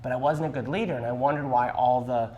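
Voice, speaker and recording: A male dance instructor talks through a move and counts out the beats as he demonstrates it. His voice sits at an ordinary middle pitch. The hall around him has a long, trailing reverb. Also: fairly even intonation, fast, mellow. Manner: explanatory, counts beats aloud. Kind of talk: teaching a dance class. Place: dance studio.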